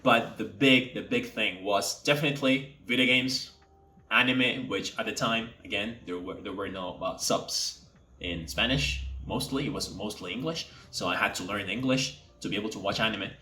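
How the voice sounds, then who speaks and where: A young man from Mexico, an English teacher, chatting casually to camera and speaking deliberately from the throat. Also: lowish voice, pushed and bright, a little hiss or hum. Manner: speaks from the throat to sound native-like. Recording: echoey room.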